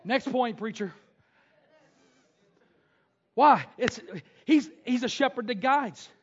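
A male pastor preaching a sermon, swinging from loud shouted bursts and whoops to quieter teaching. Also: very high-pitched, slow pace. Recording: dull lo-fi sound.

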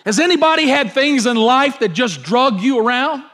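High-voiced pastor preaching. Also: male voice, lively intonation, normal speed, fairly bright tone. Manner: repetitive, emphatic, acts out scenes. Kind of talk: sermon.

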